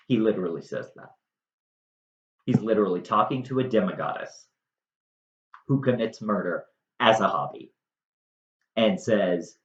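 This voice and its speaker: A man's voice: lowish voice, moderate pace, pauses often. A man retelling a story in a casual, chatty and sarcastic way, in a roomy, slightly muffled recording.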